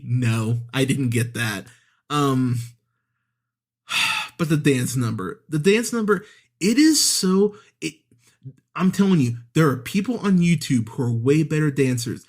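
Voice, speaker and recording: A man's voice: medium pitch, slightly rough. A man ranting through a sarcastic, profane movie review on a podcast, with exasperated asides and mocking impressions.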